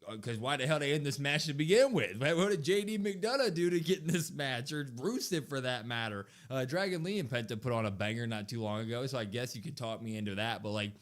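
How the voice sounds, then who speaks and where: A man co-hosting a wrestling podcast, giving opinionated, animated takes in casual chat. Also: medium pitch, fast talker, few pauses. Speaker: podcast co-host.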